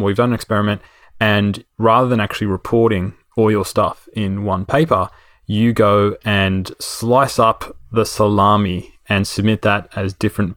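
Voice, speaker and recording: A man's voice: on the low side, fairly bright tone, no echo. Hesitant man on a dry mic. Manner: hesitant, stumbling. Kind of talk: casual chat.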